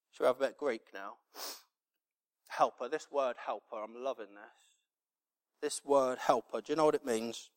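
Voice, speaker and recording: A middle-aged man preaching a sermon, telling a family story that builds to loud, impassioned preaching. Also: medium pitch, moderate pace, long pauses.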